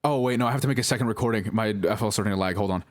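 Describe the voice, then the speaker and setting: A man's voice: on the low side, rapid-fire, no room sound. A young man telling a personal story in a rambling, apologetic way, full of fillers and restarts. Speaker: vlogger. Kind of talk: casual storytelling.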